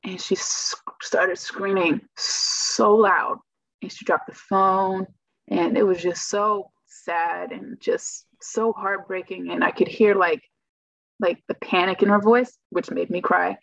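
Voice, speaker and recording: Woman guest, rambling storyteller, filler-heavy, middle pitch, dull and dry recording. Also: fairly even intonation, slow pace, creaky, fairly bright tone, dry recording. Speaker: guest telling her story. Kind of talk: casual personal storytelling.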